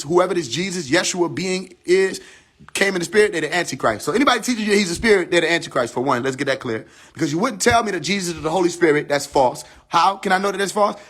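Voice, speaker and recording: A man teaching spiritual ideas on a live stream from his phone, casual and profane, firing rhetorical questions and dropping from emphatic high lines to low asides. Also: a bit bright. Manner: casual speech with slang and profanity.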